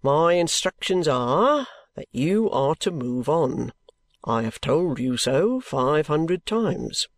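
A man reading an audiobook, voicing a stiff, calm, stubborn police constable who speaks firmly and measuredly. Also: on the high side, dry recording, clean studio sound, full character voice. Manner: firm, measured, repeating himself. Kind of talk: audiobook character voice.

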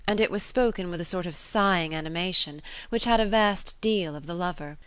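Woman audiobook narrator, measured and steady, dry close recording. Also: fairly low pitch, clean tone, no room sound. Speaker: audiobook reader. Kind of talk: scripted narration of a classic novel.

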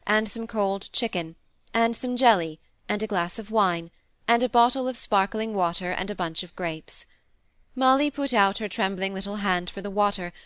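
Female audiobook reader, steady measured narration, mid pitch, dry sound. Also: clear, resonant tone, no echo. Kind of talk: scripted narration of a classic novel.

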